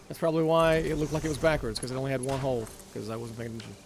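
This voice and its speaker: A man's voice: mid-range voice, steady tone, very fast, hardly any pauses, slight background noise. A man casually commentating his own gameplay, rambling, correcting himself and muttering as he plays. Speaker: gaming channel host. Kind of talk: casual let's-play commentary.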